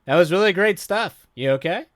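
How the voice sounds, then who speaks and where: A man's voice: high voice, brisk, no room sound, studio quality, pitched above the performer's own voice. Man doing a chill, friendly vampire guy. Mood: easygoing. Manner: relaxed, reassuring, upbeat. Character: chill, friendly male vampire, blood-soaked and easygoing.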